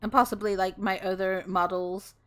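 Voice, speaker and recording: A woman's voice: medium pitch, flat delivery, normal speed, a bit bright. A woman streamer chatting casually with her viewers, bubbly and giggly, laughing often.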